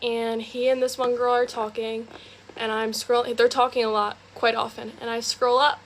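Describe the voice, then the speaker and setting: On a phone, a young woman shares something from her own life, talking fast and casually and dropping "like" everywhere. Her pitch is on the high side but barely moves, and a slight hiss or hum can be heard.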